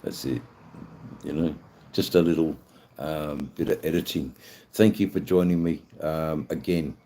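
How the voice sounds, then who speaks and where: A man's voice: rumbling low, unhurried, mellow, slight background noise. An Australian man hosting a livestream in casual chat, rambling and hesitant, swearing freely. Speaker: livestream host.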